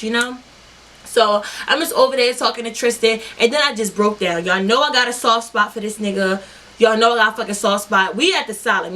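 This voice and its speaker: Animated, profane young woman storyteller. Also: fairly high pitch. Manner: animated, profane, talking straight to viewers. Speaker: vlogger. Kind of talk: storytime vlog.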